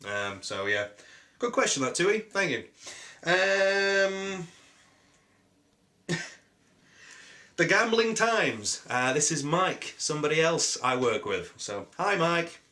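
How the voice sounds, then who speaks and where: Bright-voiced British man with a cold. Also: fairly high pitch, slow, pauses often. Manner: jokey, deadpan, full of ums and asides. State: sore throat and a cold. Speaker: YouTuber answering viewer questions. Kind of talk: rambling casual Q&A.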